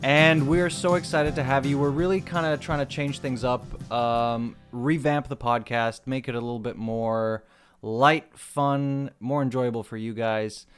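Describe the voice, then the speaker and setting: A man's voice: medium pitch, fairly even intonation, a little slow, smooth, soft background music. A man co-hosting a casual podcast, chatting through a story of his day and laughing as he talks. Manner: chatty, laughs while telling stories. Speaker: podcast co-host. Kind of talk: casual chat.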